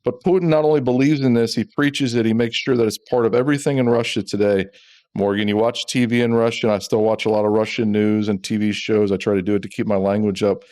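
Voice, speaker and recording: A man's voice: on the low side, fairly even intonation, quick pace, a little mellow. A middle-aged man, a former intelligence officer, talking emphatically as a guest on an interview podcast. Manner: emphatic, repeats words when fired up. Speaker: ex-CIA officer, guest expert.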